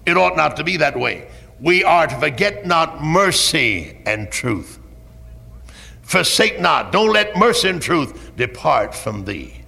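A pastor preaching a sermon, dropping to hushed tones and rising to shouted peaks, in a 1970s church recording. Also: male voice, fairly high pitch, sing-song, slow, vocal fry, breathy edge, long reverb tail. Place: church sanctuary.

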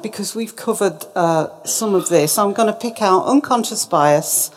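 A woman giving a presentation talk, emphatic and lively, putting questions to her audience. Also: medium pitch. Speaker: speaker.

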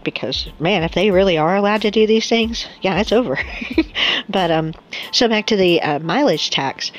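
A woman giving a casual political monologue, sarcastic and laughing often. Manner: sarcastic, laughs often, mocks opponents in high put-on voices. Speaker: political commentator.

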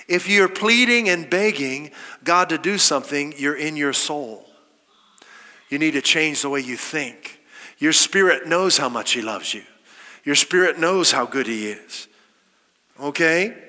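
Male pastor, emphatic sermon delivery, brighter and higher than most men, long hall echo. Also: expressive, unhurried. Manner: emphatic, rhetorical questions, quoting scripture. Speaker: preacher.

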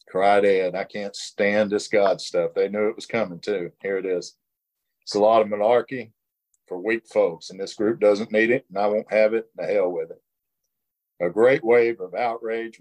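A man's voice: fairly low pitch, darkish tone. A middle-aged man leading a recovery workshop, reading passages aloud and sharing his own story in an earnest, plainspoken way. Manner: earnest, plainspoken, with short laughs. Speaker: workshop leader.

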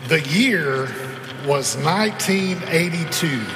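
A man's voice: on the high side, animated, slow, big-room sound, over loud music. A man preaching a sermon, telling stories in a chatty way and putting questions to his congregation. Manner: conversational storytelling, quizzes the congregation. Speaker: pastor.

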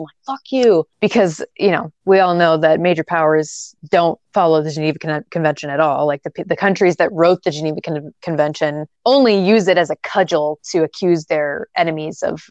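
Sardonic, foul-mouthed female podcast co-host; low-ish voice, dry booth sound. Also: darkish tone, no room sound. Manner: rambling, profane, sardonic. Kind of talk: casual film recap chat.

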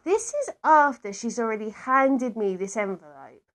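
A woman's voice: fairly high pitch, sing-song, moderate pace, a bit bright. A woman hosting a solo podcast, telling a rambling story with emphatic asides to her listeners. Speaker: podcast host.

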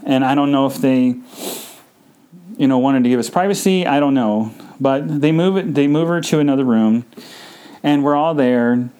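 A man hosting a podcast, telling a personal story in a halting, emotional way, full of fillers and restarts. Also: medium pitch, dark tone, clear, resonant tone, rough recording. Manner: emotional, subdued. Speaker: podcast host.

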